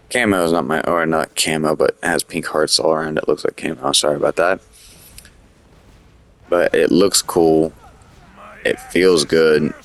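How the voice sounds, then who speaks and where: A man's voice: a bass voice, creaky, no echo. A man giving casual, rambling gameplay commentary, full of fillers and restarts, with the hiccups. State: has the hiccups. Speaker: gaming commentator.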